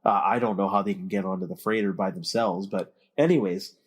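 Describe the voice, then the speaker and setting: A man's voice: sits low, fairly even intonation, fairly quick, husky. A man hosting a casual movie podcast, opinionated and steering the chat with questions. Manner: opinionated, leads the discussion with questions. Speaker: podcast host.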